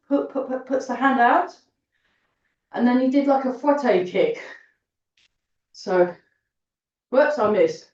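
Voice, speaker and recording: A woman's voice: fairly high pitch, darkish tone. A woman teaching a fitness class, cheerfully counting reps aloud and chatting while getting out of breath. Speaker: fitness and tai chi instructor. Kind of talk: counting through an exercise class. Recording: roomy echo, distant mic, dull sound.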